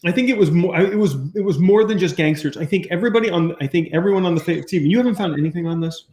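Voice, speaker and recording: A man hosting a casual live-stream chat, rambling and animated with frequent restarts. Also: high voice, very fast. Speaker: host.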